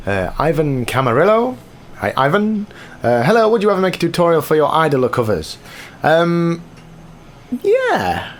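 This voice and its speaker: A man who chats casually in a question-and-answer video, rambling in a relaxed way with frequent ums as he reads questions aloud and answers them. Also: medium pitch, a little hiss or hum. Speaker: guitar cover musician answering viewer questions. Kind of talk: casual Q&A chat.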